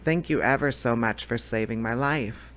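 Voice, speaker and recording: A man's voice: normal speed, a bit bright, a little hiss or hum, lightly acted. A man reading aloud, voicing a small, proud female mouse queen in a storybook. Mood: regal. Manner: squeaky little voice, indignant.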